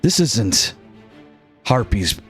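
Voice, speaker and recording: A man voicing a reborn winged male champion who speaks in a slow, imperious way. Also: mid-range voice, big pitch swings, fairly bright tone, faint music behind, voice pushed down, heavily acted. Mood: haughty.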